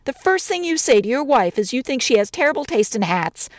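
A touchy young newlywed bride, read by a woman, with a lively, swooping voice. She rattles off quick, sarcastic complaints. The recording is close and dry. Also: high-pitched, dry recording. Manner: wounded, sarcastic, rapid rambling complaints. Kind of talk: dramatic story reading.

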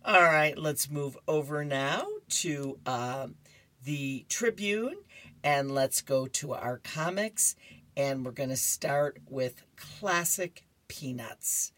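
A woman's voice: sits low, slow, a bit bright, no room sound. A woman radio reader describing newspaper comics, chatty, with laughing asides between panels.

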